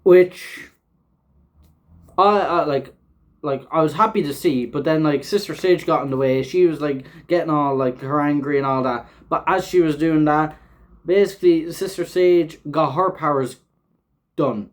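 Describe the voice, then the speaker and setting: Man, fairly high voice, loose reaction-show host: casual, rambling, filler-heavy, swears a lot. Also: moderate pace. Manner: rambling, filler-heavy, swears often, laughs while talking. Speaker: show host reviewing an episode.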